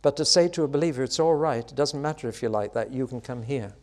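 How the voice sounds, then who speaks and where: A man preaches a sermon expressively and fast, building to loud, high exclamations before dropping back to soft, quiet lines.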